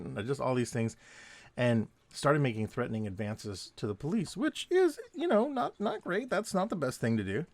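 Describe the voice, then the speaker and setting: A man with a medium-pitched voice full of big pitch swings talks briskly while he draws at his desk at night. Formerly a security guard, now an artist and vlogger, he spins meandering stories from that time, chuckling often and straying off topic, with no echo.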